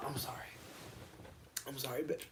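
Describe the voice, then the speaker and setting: A livestreamer chatting casually with viewers in a rambling, profane way, with quick asides, bursts of excitement and lots of slang. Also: mid-range voice, heavy background noise.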